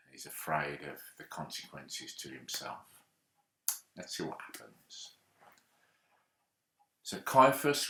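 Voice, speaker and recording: A man's voice: very deep voice, a bit bright, reverberant. A man leading a church group, retelling a Bible story with small restarts as he goes. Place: church hall.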